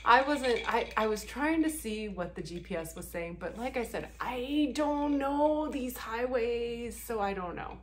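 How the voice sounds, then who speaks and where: A woman's voice: on the high side, expressive, measured pace, few pauses, slight background noise. Sarcastic, swearing woman vlogger. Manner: sarcastic, profane, laughing often. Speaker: commentary vlogger. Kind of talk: casual reaction commentary.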